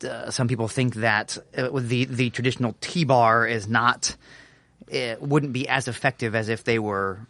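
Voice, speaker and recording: A man's voice: medium pitch, fairly even intonation, normal speed, a bit bright, dry recording. A man co-hosting a podcast in casual chat, rambling a little and restarting his sentences. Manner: rambling, restarts often, laughs easily. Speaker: podcast co-host.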